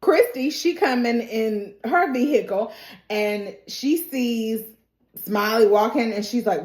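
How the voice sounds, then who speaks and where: A woman giving a casual, animated recap and reaction, laughing often and acting out the characters' quotes. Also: on the high side, slow pace. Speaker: TV recap vlogger. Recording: roomy echo.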